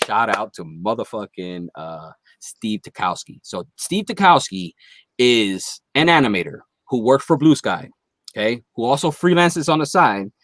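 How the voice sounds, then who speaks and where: A man's voice: lowish voice, sing-song, unhurried, fairly bright tone, dry recording. A man guest on a podcast, telling a long, profanity-heavy story in casual chat. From Philadelphia area.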